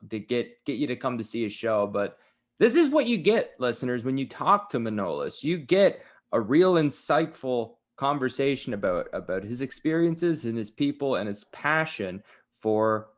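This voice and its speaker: A Canadian man hosting a radio talk show, earnest and eager, often addressing the listeners directly. His voice sits in a middle register. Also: mid-range voice. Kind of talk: radio interview chat. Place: radio studio.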